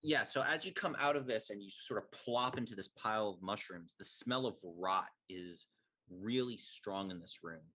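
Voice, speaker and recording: A man's voice: lowish voice, normal speed, pushed and bright. A man running a tabletop game as game master, describing scenes with many fillers.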